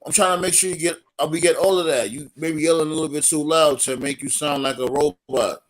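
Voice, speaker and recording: A man's voice: a little high, fast, poor audio. A man hosting a casual podcast, with laid-back talk and short interjections. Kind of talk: casual chat.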